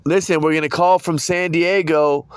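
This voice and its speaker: A man's voice: fairly high pitch, fairly even intonation, normal speed, clean tone, no echo. A man telling a long, rambling court story, cursing and quoting others in his own voice. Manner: rambling, profane, retells quotes in his own voice. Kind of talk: casual phone-style conversation.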